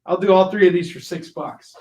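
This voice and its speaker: A man hosting a live comic shopping show, giving an animated, jokey sales pitch and shouting silly sound effects. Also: fairly quick, roomy sound.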